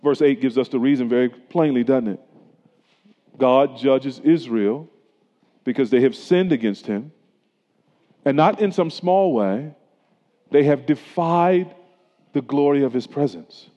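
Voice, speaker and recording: A man's voice: mid-range voice, measured pace, pauses often, mellow. A middle-aged man preaching a sermon as a pastor, in a conversational style that weaves in personal stories. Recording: dull lo-fi sound with long hall reverb.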